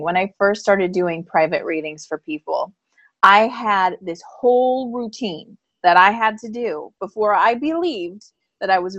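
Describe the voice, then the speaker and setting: Animated woman telling a story, dry sound. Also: medium pitch, no room sound, lo-fi sound. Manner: animated storytelling with frequent laughs. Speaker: podcast co-host and psychic reader. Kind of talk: casual live-stream chat.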